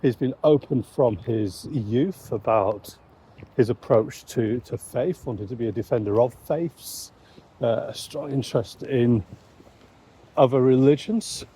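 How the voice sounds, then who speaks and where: A man, a Christian commentator, giving measured, reflective commentary on current events. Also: mid-range voice, mellow, slightly rough, rough recording.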